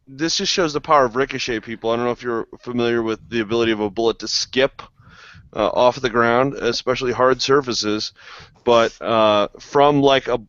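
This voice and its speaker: A man's voice: medium pitch, fairly bright tone, no echo, lo-fi sound. A man hosting a firearms news podcast, commenting casually in a rambling, joking way. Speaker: podcast host.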